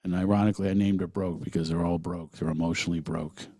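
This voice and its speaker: Gravelly low-voiced man, earnest monologue. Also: steady tone, fast talker, dark tone, dry recording. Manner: earnest, emphatic, acts out voices in quotes. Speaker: podcast host. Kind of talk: solo podcast monologue.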